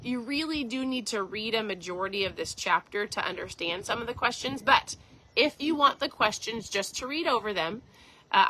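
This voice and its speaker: Woman host, middle-aged, bright and direct, casual motivational talk. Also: mid-range voice, poor audio. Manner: earnest, conversational, addresses listeners directly. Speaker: podcast host.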